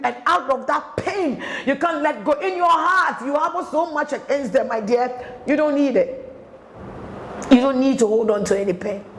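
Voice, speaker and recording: A woman's voice: fairly high pitch, a little hiss or hum. A woman pastor with a Ghanaian accent preaching a sermon on letting go of pain, earnestly pleading and repeating her points. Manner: earnest, repetitive pleading exhortation. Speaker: pastor and marriage counsellor.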